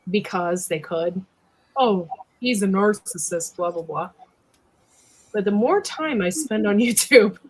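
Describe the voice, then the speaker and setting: A woman in her thirties hosting a casual talk stream, with relaxed, brief reactions and viewer comments read aloud. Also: medium pitch, low-quality recording. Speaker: host of a talk livestream. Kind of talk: casual chat.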